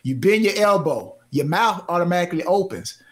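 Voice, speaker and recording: A man hosting a sports talk show in casual chat, animated, laughing often and repeating phrases. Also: high-pitched, brisk. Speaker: host.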